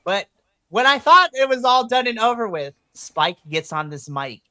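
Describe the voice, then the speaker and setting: Excitable woman recapping with bright tone. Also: a little high, normal speed, dry recording. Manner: excitable, swings into loud animated retellings. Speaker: podcast co-host. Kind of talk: casual wrestling recap chat.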